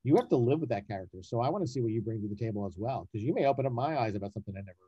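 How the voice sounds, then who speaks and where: A man talking fast in a relaxed interview, a casting director who gets animated and repeats himself to drive a point home. His voice is mellow and dark. The sound is dull and dry. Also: mid-range voice, breathy edge, no echo. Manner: animated, emphatic, repeats words when making a point. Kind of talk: casual interview talk.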